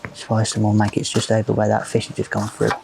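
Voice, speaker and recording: Amid very heavy noise, a match angler narrates his lakeside fishing video in a lowish, monotone voice with vocal fry, speaking quickly. He rambles casually and chattily, relying on fillers like "just."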